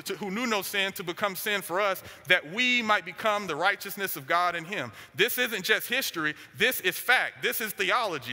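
A man's voice: high-pitched, bright, forceful tone. A man preaching a sermon, driving his points home with short, repeated declarations. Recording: long hall reverb.

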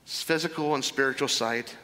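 A man's voice: medium pitch, brisk, pushed and bright, in a large hall, poor audio. A man preaching a sermon, reading scripture verse by verse and commenting on it with emphasis. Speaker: pastor.

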